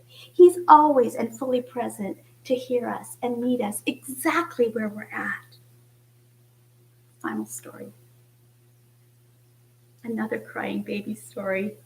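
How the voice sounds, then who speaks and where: Woman preacher, high voice, gentle reflective sermon with hushed passages. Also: creaky, poor audio. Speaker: church speaker. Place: church.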